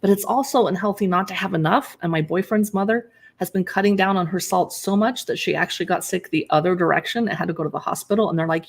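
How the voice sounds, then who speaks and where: A woman's voice: mid-range voice, quick pace, vocal fry, few pauses. A woman who blogs about cookbooks, chatting casually on a live stream as she pages through recipes and answers viewers in chat.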